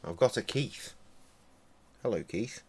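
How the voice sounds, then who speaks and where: A man's voice: lowish voice, expressive, takes it slowly, darkish tone, husky. A man chatting and swearing casually while streaming a game and tending to his dogs. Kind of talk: casual live-stream commentary.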